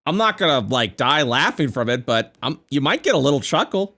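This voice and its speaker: Young male co-host, animated, profane, loose chatty delivery. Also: mid-range voice, brisk. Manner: animated, swearing, trails off and restarts. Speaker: podcast co-host and game master. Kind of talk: casual chat.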